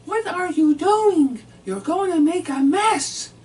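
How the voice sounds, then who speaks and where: A man voicing an exasperated adult woman who scolds in a shrill, slow, clipped voice. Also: expressive, heavily acted. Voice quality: shrill and loud. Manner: slow, clipped nagging delivery. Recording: distant mic, faint noise.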